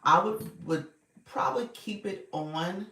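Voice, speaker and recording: A woman's voice: medium pitch, lively intonation, unhurried, a bit bright, roomy sound, recorded from a distance. A woman coaching viewers on a casual livestream, upbeat and chatty, greeting people by name.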